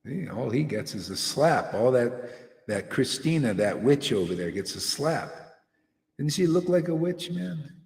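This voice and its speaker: A man's voice: mid-range voice, sing-song, unhurried, creaky, darkish tone. A man giving an informal, confrontational devotional sermon, rambling and often asking "see?" to his listeners. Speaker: preacher. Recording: echoey hall with long reverb.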